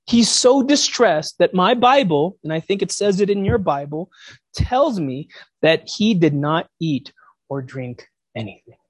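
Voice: mid-range voice, breathy edge. A preacher delivering a reflective sermon, posing rhetorical questions to the listeners.

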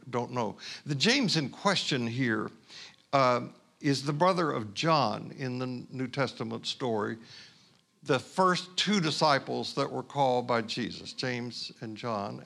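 A male pastor from Houston, Texas telling a personal story in a sermon, conversational and halting with asides. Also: mid-range voice, gravelly, a bit bright.

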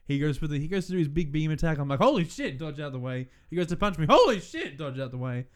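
A man's voice: a little high, fairly even intonation, very fast, a little mellow, clear, resonant tone. Playful man, laughs a lot. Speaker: podcast co-host. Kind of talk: casual chat.

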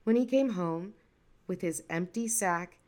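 A woman's voice: lowish voice, a little slow. Woman telling a folktale. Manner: lively, expressive storytelling. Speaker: storyteller. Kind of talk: folktale narration.

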